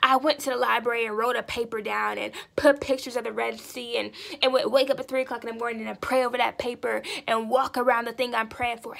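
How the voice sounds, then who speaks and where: A woman giving a fervent spoken testimony to God, pleading and intense, dropping to breathy whispers and then rising loud. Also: on the high side, steady tone, brisk.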